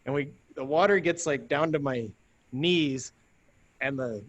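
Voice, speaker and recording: A man, a guest on a talk show, telling a story casually. He talks in an animated way, laughs often and acts out the lines of people in his story. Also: on the high side, a little slow, lo-fi sound.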